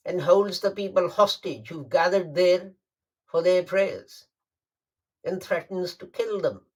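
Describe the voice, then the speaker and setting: A man delivering a Friday sermon, emphatic and deliberate, repeating phrases for stress. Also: sits high. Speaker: preacher.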